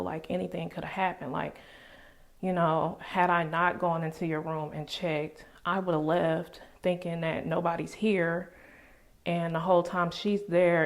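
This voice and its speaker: A woman telling a personal story on her vlog in an animated, emphatic way, full of casual slang. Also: sits low. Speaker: vlogger.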